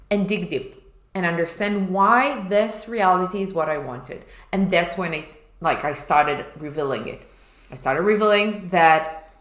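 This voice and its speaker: A woman's voice: fairly low pitch, fairly bright tone. A woman co-hosting a chat show, telling a personal story candidly and acting out her past self. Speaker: podcast co-host. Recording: echoey room.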